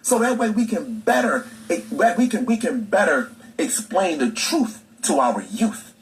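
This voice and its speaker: A man's voice: high voice, very animated, a little slow, slight background noise, low-quality recording. A man delivering an impassioned, profane monologue to his audience, firing off rhetorical questions with heavy emphasis. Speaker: social media commentator.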